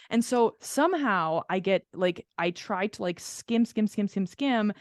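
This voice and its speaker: A woman co-host spinning a lively, rambling anecdote, laughing and swearing as she goes. Her voice sits at an ordinary middle pitch. The sound is dry and close, with no room around it. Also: a little slow, few pauses, no echo. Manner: animated storyteller, laughs often, swears casually. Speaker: podcast co-host. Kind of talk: casual chat.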